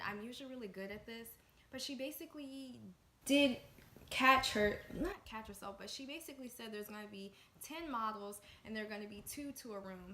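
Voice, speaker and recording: A young woman from the Washington, D.C. area telling a storytime vlog, excitable and chatty, with lots of fillers. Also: medium pitch. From Washington, D.C. area, USA. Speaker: vlogger. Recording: echoey room with faint noise.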